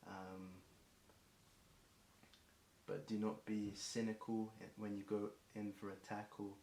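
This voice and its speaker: A young man with an English accent rhymes off the cuff in a low, monotone voice, stumbling and restarting with plenty of ums. His voice sounds a bit worn and hoarse. He's recorded in an echoey room with a faint hiss behind him. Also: slow. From England. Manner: rambling, self-correcting, frequent ums and restarts. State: voice getting hoarse. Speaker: streamer performing a marathon song. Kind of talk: improvised rhyming freestyle.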